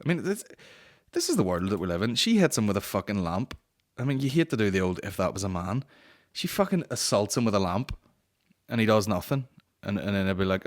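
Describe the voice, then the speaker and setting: A man's voice: fairly low pitch, lively intonation, moderate pace, a bit bright. A man hosting a comedy podcast, ranting crudely and mocking, slipping into voices of the people he talks about. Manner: sweary, mocking, acts out voices. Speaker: podcast host.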